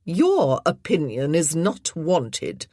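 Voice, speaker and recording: A woman's voice: medium pitch, big pitch swings, measured pace, darkish tone, breathy edge, no room sound, studio quality, pitched above the performer's own voice. A woman narrator voicing a cold, spiteful, haughty older lady who speaks in an icy, superior way.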